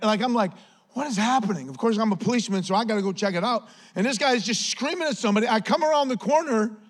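High-voiced animated preacher. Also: male voice. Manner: animated, conversational preaching with storytelling. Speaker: pastor. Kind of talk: sermon. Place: church sanctuary.

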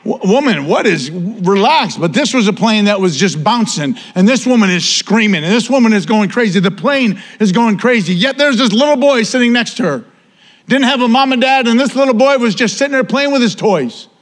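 A male pastor preaching a sermon, repeating key phrases and building fervor, sometimes dropping to a hushed intensity. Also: very high-pitched, animated, brisk.

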